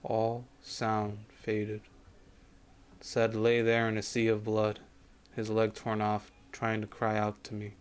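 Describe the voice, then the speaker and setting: A man streaming a game, reading its story text aloud in a measured, grave way that sometimes drops to a hush. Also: fairly low pitch, monotone, smooth. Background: faint game music.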